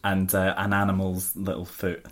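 A man's voice: deep voice, completely flat delivery, normal speed, fairly bright tone. A young Scottish man co-hosting a podcast, chatting casually with many fillers and frequent laughs. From Scotland. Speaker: podcast co-host. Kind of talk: casual chat.

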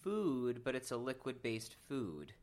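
A man's voice: mid-range voice, sing-song, a little slow, a little mellow. A man co-hosting a podcast in casual chat, easygoing and thinking aloud with hesitant fillers. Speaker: podcast co-host.

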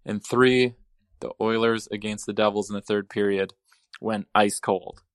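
A man's voice: lowish voice, steady tone, unhurried, clear, resonant tone, no room sound, clean studio sound. A man leaving a joking voicemail for a podcast, building a numbered list up to a punchline. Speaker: voicemail caller.

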